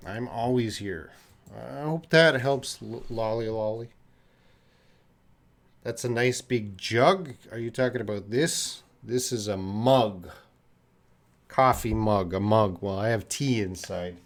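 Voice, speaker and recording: A man from Canada teaching English on a live stream, answering viewers' chat questions patiently and slowly with many pauses. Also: fairly low pitch. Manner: slow, patient, repeats student names and pauses with uh; drinks tea while talking to the camera.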